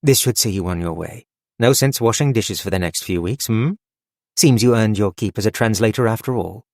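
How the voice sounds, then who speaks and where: Guy playing a strict no-nonsense elf lady fighter, brisk, fantasy audiobook. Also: on the low side, a little mellow, dry recording, clean studio sound, close to an everyday voice. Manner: severe, brisk. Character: severe no-nonsense elf woman warrior.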